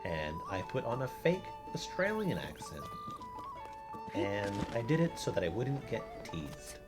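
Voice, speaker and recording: Animated male game streamer. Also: fairly low pitch, a little slow. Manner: laughs often, swears casually. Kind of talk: casual gameplay commentary. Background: game music.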